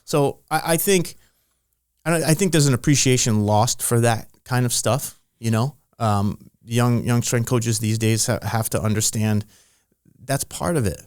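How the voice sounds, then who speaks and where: A man's voice: mid-range voice, a little slow, a little mellow, smooth, dry recording, clean studio sound. A middle-aged man, a strength and conditioning coach, talking in a casual interview, rambling with many restarts and telling stories with animation. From Rhode Island.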